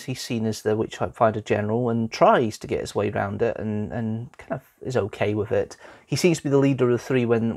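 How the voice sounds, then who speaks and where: A man giving a casual, unscripted spoken review of a TV episode, with frequent restarts and pauses. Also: medium pitch, darkish tone.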